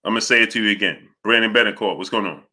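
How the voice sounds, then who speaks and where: A man hosting a live boxing talk stream, breaking off his points to greet viewers in the chat and asking whether they understand what he's saying. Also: on the low side. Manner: rapid shout-outs to chat viewers, repeats "you understand what I'm saying". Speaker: boxing talk show host. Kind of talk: live-stream commentary reading super chats.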